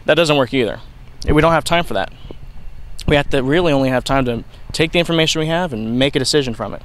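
A man's voice: medium pitch, fast, a bit bright, low-quality recording. A young man explaining ideas in an unscripted video lesson, rambling with frequent restarts and fillers. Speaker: video lecturer.

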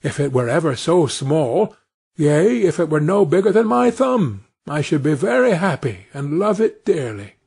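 Longing country wife read by a man, soft and wistful, husky storybook voice. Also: a little high, sing-song, normal speed, full character voice. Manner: wistful and gentle.

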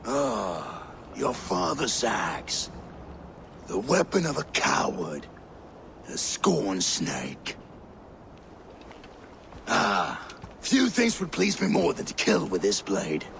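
An actor playing a cruel, gloating male warlord villain in a video game, taunting his captive with slow, menacing threats. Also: lowish voice, wildly swooping pitch, vocal fry, a bit bright, slight background noise, full character voice.

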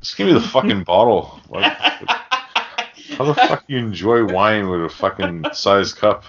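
A man with a fairly low, slightly bright voice and wide pitch swings hosts a podcast, going over a film at a somewhat slow pace. The chat is casual, full of swearing and meandering asides, and recorded as dull, lo-fi audio.

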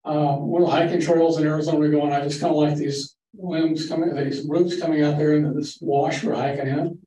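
The older man's voice is a little high and a little fast, steady and dark in tone. He's presenting a casual slide show to a photography club in a library meeting room, wandering off into folksy stories as a guest speaker. A faint hiss and echo mark the distant recording.

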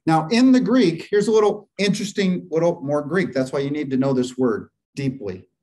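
A man's voice: fairly high pitch, normal speed, darkish tone, poor audio. A man teaching a church Bible class. He walks through Greek grammar step by step and keeps asking the class questions. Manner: asks the class questions and waits for answers.

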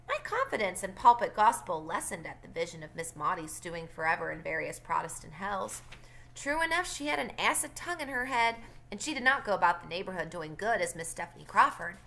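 A woman teacher reads a novel aloud to her class and stops now and then to explain. Her voice is bright and her intonation lively. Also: fairly low pitch, brisk, vocal fry. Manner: plain reading with brief explanatory asides.

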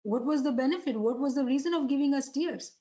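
Woman preacher, high voice, muffled recording. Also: fast, warm tone. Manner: asks rhetorical questions to the audience. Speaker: religious preacher. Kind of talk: devotional sermon lecture.

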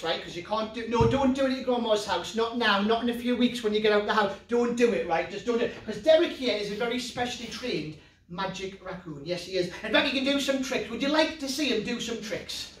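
A man's voice: high voice, quick pace, echoey room, distant mic. A man from North East England with a Geordie accent, doing a playful children's magic show and talking straight to the kids watching at home.

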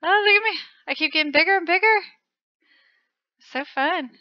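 A woman hosting a channel, giving excited commentary as she plays a game, gushing and squealing at close calls. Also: extremely high pitch, moderate pace, no echo, highs cut off. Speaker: channel host.

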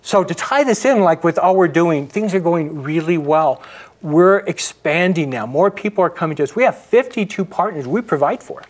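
A middle-aged man, a guest in an interview, earnestly telling a personal story and often dropping his voice to a hush. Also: fairly high pitch, lively intonation, normal speed. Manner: earnest, narrates with acted quotes and frequent hushed drops.

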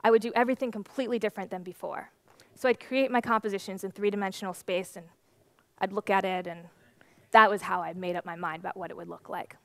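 A young woman in her twenties speaks from a conference stage into a stage microphone. She tells her story in a lively, animated way. The sound is dry and close, with almost no room echo. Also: medium pitch, fast. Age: 20s.

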